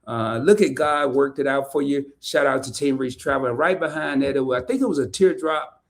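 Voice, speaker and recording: A man hosting a casual livestream interview, chatty and animated, laughing often as he reads comments. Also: medium pitch, fairly quick, vocal fry. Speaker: podcast host. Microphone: streaming setup, remote call.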